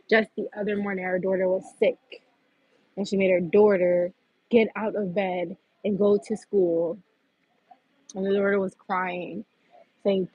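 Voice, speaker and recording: A husky-voiced woman rants on her own livestream, blunt and full of curses. The sound is dry and a little muffled, as if from a phone. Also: medium pitch, no echo. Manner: blunt, profane, venting. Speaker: livestream host. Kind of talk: heated livestream rant.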